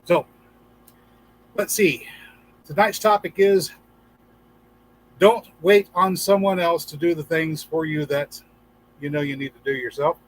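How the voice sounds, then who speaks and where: A man's voice: on the high side, steady tone, a little slow, pauses often, slight background noise, rough recording. A man hosting a casual livestream for gardeners, chatting, reading viewer comments aloud and telling jokes with a few acted-out voices. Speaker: livestream host.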